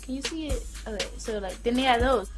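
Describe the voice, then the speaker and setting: A woman vlogger telling a casual storytime in an animated, slangy way, repeating phrases for emphasis. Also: a little high, quick pace, over music.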